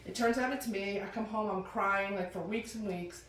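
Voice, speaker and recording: Animated woman telling a story, from a distance. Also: normal speed, a little hiss or hum. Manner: chatty, animated, jumps into high voices for quoted people. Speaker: comedian telling a personal story. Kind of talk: stand-up storytelling. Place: room with a live audience. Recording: roomy, distant mic with faint ambience.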